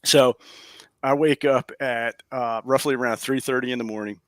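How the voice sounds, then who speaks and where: A man, a paranormal investigator, telling a story in animated, casual fashion from his home office over a video call, chuckling as he goes. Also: mid-range voice, moderate pace, no room sound.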